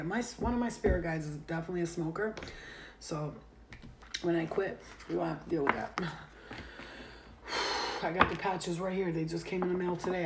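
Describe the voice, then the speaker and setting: A woman's voice: fairly low pitch, noisy background. A woman giving a casual, rambling tarot reading, full of "like" fillers. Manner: rambling, chatty, heavy on "like" fillers. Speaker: tarot reader. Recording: roomy echo.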